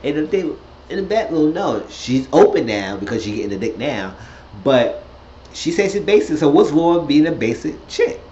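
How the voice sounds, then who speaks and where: A man chats through a reality show recap in a loose, profane, animated way, sometimes leaping into shrill voices to quote people. The sound is roomy and dull, with a faint hiss underneath. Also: moderate pace. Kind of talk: casual recap chat.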